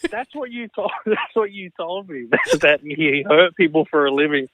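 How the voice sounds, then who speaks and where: A man's voice: fairly high pitch, expressive, moderate pace, narrow, tinny audio, a crowd in the background. A man chatting casually as a podcast guest, laughing sheepishly. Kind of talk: casual chat.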